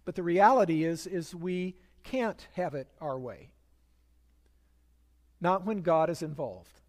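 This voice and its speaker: A male pastor preaching with measured, emphatic delivery and a high voice. His words trail off into the long reverb of a big hall, like a sanctuary. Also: darkish tone. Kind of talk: sermon.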